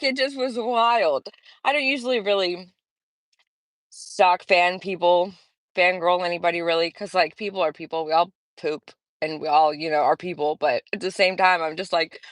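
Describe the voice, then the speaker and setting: A woman's voice: fairly low pitch, fairly even intonation, normal speed, no room sound, studio quality. A woman hosting a casual live stream, chatting in a rambling way and greeting viewers by name. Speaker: livestream host.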